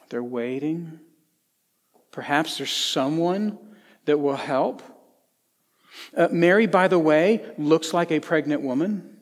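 A middle-aged man from Tennessee, preaching a sermon in a conversational storytelling way with folksy asides, swinging between lively and hushed. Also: on the high side. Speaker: pastor. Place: church sanctuary. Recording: long church hall reverb.

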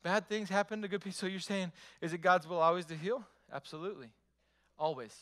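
A man's voice: sits high, brisk, a bit bright. A male pastor preaching a sermon, emphatic, repeating phrases and asking the congregation rhetorical questions.

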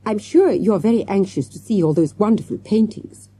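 A woman's voice: mid-range voice, moderate pace, mellow, slightly rough, no room sound, pitched above the performer's own voice, natural voice. A woman reading an audiobook and voicing a fussy, bossy foreign woman with muddled word order and theatrical exclamations. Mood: gushing. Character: fussy foreign woman guide, middle-aged, bossy and gushing. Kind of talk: audiobook character voice.

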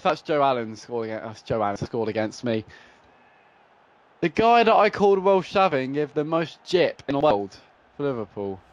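A young man commentating his own football video game play, swinging between frustrated groans and excited shouts. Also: medium pitch, normal speed, muffled recording. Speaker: gaming YouTuber. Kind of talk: live gameplay commentary.

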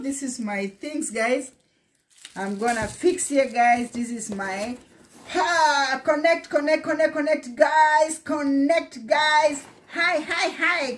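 A middle-aged woman from Kenya, excitedly unboxing gear in a casual vlog and repeatedly calling out to her viewers. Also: medium pitch, a little hiss or hum. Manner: excited, repeats "guys" often. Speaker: vlogger.

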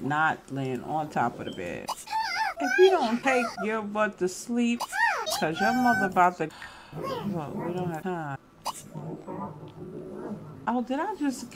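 A woman chatting over her game footage, her voice rising and falling as she laughs and scolds the characters. A steady noise sits behind her. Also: low voice. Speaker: gaming channel host. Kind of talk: casual gameplay commentary.

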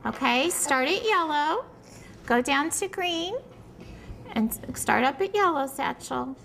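A woman's voice: high voice, expressive, takes it slowly, vocal fry, fairly bright tone, a little hiss or hum. A woman teacher patiently guiding young children through a handwriting and letter-sound lesson at a small classroom table, praising them often.

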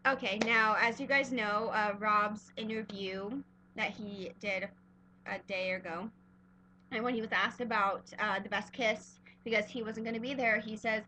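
A woman's voice: mid-range voice, steady tone, measured pace, bright, forceful tone, slight background noise. A young woman vlogging casually, gushing and rambling with lots of fillers. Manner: gushing, rambling fan talk with many fillers. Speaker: fan vlogger. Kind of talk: casual vlog chat.

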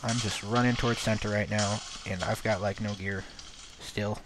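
A man giving self-mocking let's-play commentary in a put-on accent, mumbling at times and then bursting out excited. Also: lowish voice, moderate pace, background noise. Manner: playing around with a put-on accent. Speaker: gaming video host.

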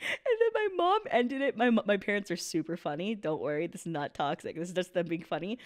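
A young woman casually reacting to an anime episode at home on a headset mic, animated, laughing a lot and swearing casually. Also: medium pitch, brisk. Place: large open downstairs room at home.

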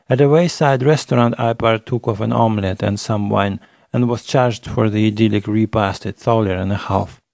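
Male narrator, first-person audiobook, measured, gravelly voice, dark mellow tone. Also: on the low side, dry recording.

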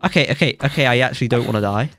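A young man with a blocked nose, giving excitable, joking commentary while playing a game and yelping when surprised. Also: medium pitch, very fast, soft background music. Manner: excitable, jokey boasting, yelps when surprised. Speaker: gaming YouTuber. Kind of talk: let's play commentary.

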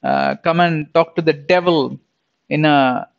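A man's voice: a little high, huge pitch swings, a little slow, vocal fry, dull audio. A man giving an informal Bible lesson, chatty, often laughing and repeating himself. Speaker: Bible teacher.

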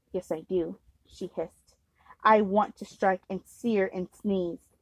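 A woman's voice: medium pitch, a little mellow, dry recording, poor audio. A woman reading a novel aloud at home, unpolished, with slips and restarts. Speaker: amateur reader.

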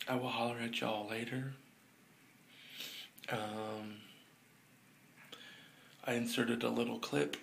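A man's voice: medium pitch, gravelly, a little hiss or hum. A sleepy young man, rambling through a casual video diary with lots of fillers. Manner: drawling, rambling, laid-back with fillers. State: sleepy, yawning. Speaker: vlogger.

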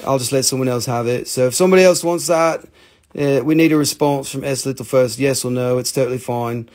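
An American man hosting a live sales stream, talking in an excitable, rambling way with casual swearing. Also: medium pitch, fairly quick. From United States.

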